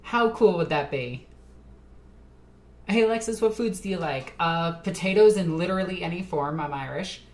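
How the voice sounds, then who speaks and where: Low-voiced giggly woman streamer. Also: normal speed, darkish tone. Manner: rambling, giggly, laughs often. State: tipsy. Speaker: streamer reading chat. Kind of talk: casual livestream chat.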